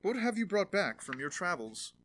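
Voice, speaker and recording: Man doing a storybook old tailor dad, high voice, loud exclamations, bright tone. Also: sing-song, moderate pace, full character voice. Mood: pleased. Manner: exclaiming, incredulous. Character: old male tailor, astonished father.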